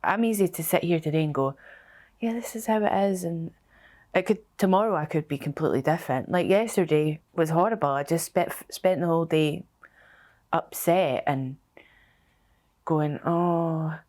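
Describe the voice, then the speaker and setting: Low-voiced woman, halting, emotional testimony. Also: darkish tone. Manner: halting, emotional, many restarts. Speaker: bereaved mother sharing her story. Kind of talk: personal testimony.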